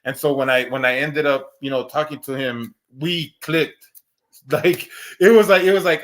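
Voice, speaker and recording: A man's voice: a little high, fairly even intonation, moderate pace, fairly bright tone. A man in his thirties telling a long personal story in casual chat, full of restarts and repeated words, swearing now and then. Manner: acts out quoted lines in a raised voice. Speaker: podcast co-host.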